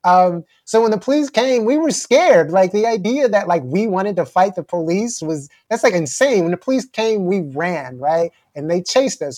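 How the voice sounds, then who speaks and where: A man in his forties, a guest author in a casual interview, talking with many fillers and restarts and growing animated as he makes his points. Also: high voice, dry recording, clean studio sound. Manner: fluent but filler-heavy, frequent "like" and restarts; grows animated and intense when making a point.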